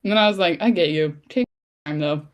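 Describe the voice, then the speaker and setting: A woman co-hosting a casual podcast, gushing excitedly and acting out her own reactions. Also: sits low, quick pace, highs cut off. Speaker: podcast co-host. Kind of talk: casual chat.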